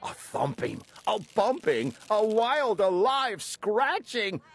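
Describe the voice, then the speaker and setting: A man reading a rhyming children's story aloud in an animated, sing-song way, acting out the characters. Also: high voice, slow pace. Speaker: storybook reader.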